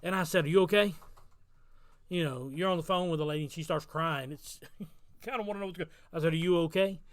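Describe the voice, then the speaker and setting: A man's voice: a little high, fast, no echo, studio quality. A middle-aged man, a pastor, preaching a daily devotional sermon outdoors on his front porch, telling stories earnestly and repeating key phrases for emphasis.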